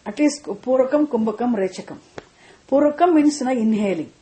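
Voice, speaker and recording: A woman's voice: fairly high pitch, expressive, fairly quick, dark tone, rough recording. A woman teaching scripture, patiently repeating key points and checking that listeners understand. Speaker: spiritual teacher. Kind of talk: scripture lesson.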